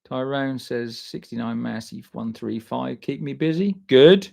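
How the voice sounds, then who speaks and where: Gravelly bloke chatting live. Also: male voice, medium pitch, unhurried, darkish tone. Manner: loose, sweary and matey, answering chat by name. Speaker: live stream host reading viewer comments. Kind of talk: casual live chat.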